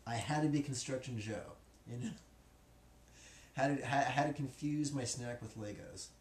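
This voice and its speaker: A man's voice: mid-range voice, normal speed. A man teaching as a spiritual teacher, joking and casual, in a classroom. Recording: echoey room, faint noise.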